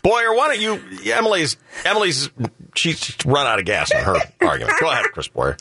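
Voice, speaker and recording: A man's voice: fairly high pitch, very animated, normal speed, bright, forceful tone, breathy edge. A man hosting a radio show, teasing his co-hosts in mock exasperation. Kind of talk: bantering morning show chat.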